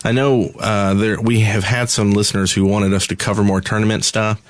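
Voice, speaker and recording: Male podcast co-host, lowish voice, close dry mic, unhurried with fillers. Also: little pitch movement, dry recording. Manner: easygoing, hesitant with fillers. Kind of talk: casual gaming podcast chat.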